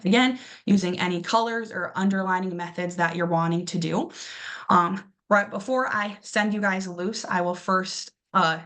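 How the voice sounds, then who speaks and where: A woman's voice: mid-range voice, fairly bright tone. Young woman teaching English pronunciation. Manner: slow, drawn-out model pronunciations of words; filler-heavy, encouraging teacher talk. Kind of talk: classroom lesson explaining pronunciation.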